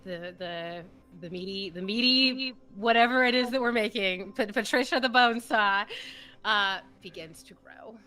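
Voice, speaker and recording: A woman narrating a tabletop game as game master, animated and rambling, laughing often. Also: mid-range voice, unhurried.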